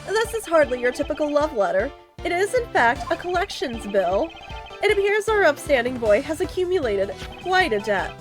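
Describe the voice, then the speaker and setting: A woman voicing a composed male prosecutor in a video game, measured and pointed. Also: high voice, sing-song, music in the background, pitched above the performer's own voice. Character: cool, confident male prosecutor.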